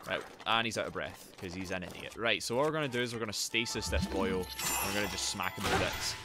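A man streaming a video game live. He is excitable and sweary, and chats to his viewers while he plays. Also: deep voice, fast, loud music behind the voice. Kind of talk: live gameplay commentary.

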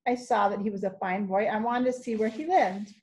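A woman's voice: mid-range voice, a little fast, a little mellow, close to an everyday voice. A woman reading the lines of a friendly male doctor in a storybook, in a plain explaining manner.

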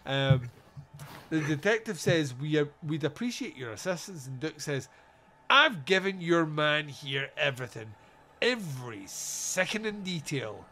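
Reviewing a film on his casual comedy podcast, a man with a voice on the high side retells scenes at a measured pace, adding sarcastic, sweary asides in an animated way. A little hiss or hum runs under the recording.

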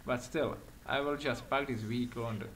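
A man giving excitable let's-play commentary while acting as a patrol cop in a game, speaking non-native English with small slips, swearing and laughing often. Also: medium pitch, a little fast, background noise. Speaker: gaming commentator.

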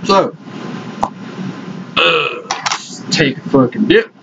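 A young man with a drawl rants in a rowdy, foul-mouthed way, his fairly high voice leaping around, and he has dip tucked in his lip. The audio is dull and lo-fi, with loud noise running underneath. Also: animated, very slow, creaky. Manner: rowdy, swears constantly. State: talking with tobacco in his lip. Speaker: vlogger reviewing dip. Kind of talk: casual profane vlog rant.

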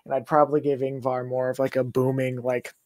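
A man's voice: mid-range voice, monotone, quick pace, darkish tone. A man chatting casually as a guest voice actor, easygoing and jokey. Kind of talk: casual chat on a livestream.

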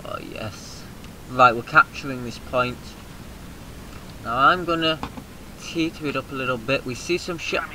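A British man giving casual, excitable let's-play commentary, swearing freely and shouting rallying cries, with a slightly mucousy throat. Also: medium pitch, measured pace, pauses often, a little hiss or hum, rough recording. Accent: British English. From Britain. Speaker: gaming video host.

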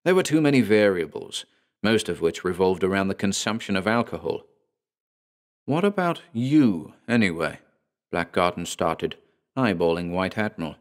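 A man narrating a scripted horror story with a measured, dramatic delivery. His voice sits on the lower side. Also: lively intonation.

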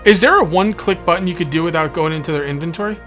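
Curious higher-voiced male co-player. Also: rapid-fire, fairly bright tone, soft background music. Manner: curious, asks lots of questions. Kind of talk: casual gameplay chat.

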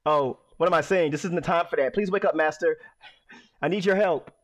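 Gentle polite librarian woman for a game, read plainly by a man, slightly high voice, dry sound. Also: a little fast, dry recording, close to an everyday voice. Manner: reading game dialogue aloud.

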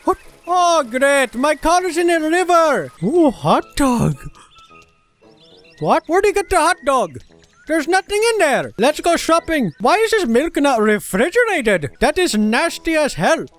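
A person giving comedic gameplay commentary in an excitable way, gasping and exclaiming often. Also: high-pitched.

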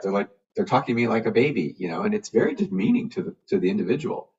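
A man's voice: lowish voice, quick pace, creaky, slightly rough. A man, a physician guest, talking in a casual interview and acting out the voices he quotes. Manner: animated, acts out quoted voices. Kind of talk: conversational interview. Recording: dull lo-fi video call audio from a distance.

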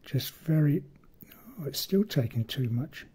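A man's voice: on the high side, lively intonation, a little slow, dark tone, slightly rough. A man giving a casual hands-on model-making tutorial, rambling and self-deprecating as he works.

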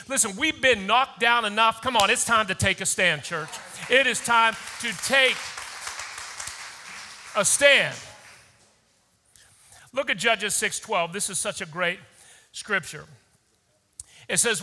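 A male pastor preaching a sermon with urgency, rising at times to shouts in a church auditorium. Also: high-pitched, animated, slow, long pauses, slight background noise. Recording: long hall reverb.

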